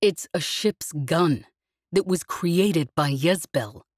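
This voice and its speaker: Woman narrator playing a wary man co-pilot in an audiobook, dry and tense, speaking through clenched teeth, slow and measured. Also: on the low side, expressive, darkish tone, dry recording. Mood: strained.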